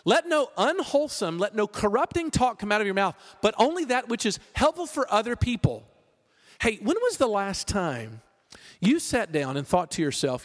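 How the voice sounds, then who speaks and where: A man preaching a sermon as pastor, conversational and animated, with jokes. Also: high voice, normal speed, big-room sound.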